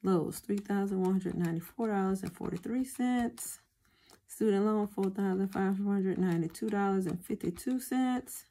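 A woman talking casually to her viewers as she goes over her budget. Her voice sits at an ordinary middle pitch, and she keeps a chatty, familiar tone, calling her audience y'all. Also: moderate pace, warm tone. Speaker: budgeting vlogger.

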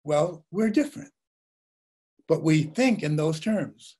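A man's voice: fairly high pitch, animated, takes it slowly, a little mellow. An older man giving a talk as a journalist, reflective, telling stories and posing rhetorical questions. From Russia and the United States. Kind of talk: lecture.

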